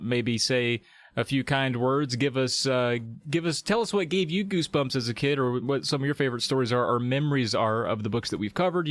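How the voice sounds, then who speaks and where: A man's voice: mid-range voice, dry recording. A man co-hosting a podcast, chatting casually and reading out the show's closing plugs. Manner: relaxed, wraps up the show with plugs. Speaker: podcast co-host. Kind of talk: casual chat.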